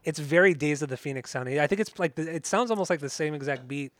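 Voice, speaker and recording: A man co-hosting a casual music podcast, excitable and swearing a lot, often singing along. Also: on the high side, fast, no echo, clean studio sound. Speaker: podcast co-host.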